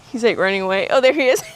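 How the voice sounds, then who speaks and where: A woman casually vlogging outdoors on her phone, laughing often and gushing over animals, out of breath from walking. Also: sits high. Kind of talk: casual vlog chat. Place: outdoors near a lake. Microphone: phone held while walking.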